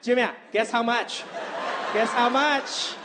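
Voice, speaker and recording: A man's voice: very high-pitched, steady tone, slow pace. A man voicing an older Asian mother who is proud of her bargains and repeats her questions insistently, in a live stand-up set. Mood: boastful. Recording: live club set with crowd laughter and noise.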